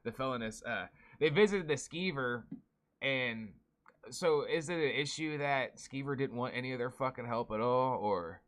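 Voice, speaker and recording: A man's voice: medium pitch, lively intonation, normal speed, a bit bright. A man co-hosting a podcast, rambling and swearing freely in casual chat. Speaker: podcast co-host.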